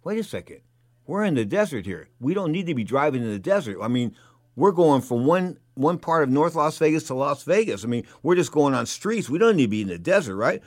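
A middle-aged man telling a casual anecdote, animated and rambling, full of repeats and fillers. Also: a little high, fairly quick, dry recording, studio quality. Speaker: storyteller.

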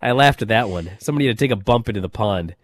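A man hosting a casual wrestling chat, telling stories in an animated way with many fillers and restarts. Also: lowish voice, very fast, no room sound. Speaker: wrestling podcast host.

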